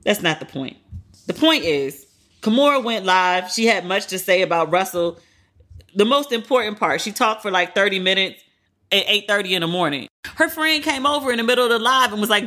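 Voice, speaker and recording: A woman hosting a podcast, casually retelling celebrity drama in a candid, profane, animated way. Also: medium pitch, a little fast. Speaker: podcast host. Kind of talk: casual celebrity gossip commentary.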